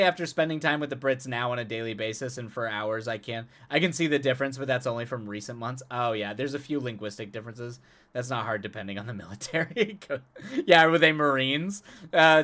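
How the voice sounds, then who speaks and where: Guy on a live stream just chatting w/ chat, mid-pitched voice, laughs a lot, trips over his words and restarts. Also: bright, forceful tone. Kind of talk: casual chat with stream viewers.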